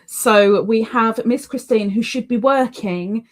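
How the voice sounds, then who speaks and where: A woman's voice: on the high side, takes it slowly. A woman hosting a casual livestream, chatty and repeating words for emphasis. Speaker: livestream host.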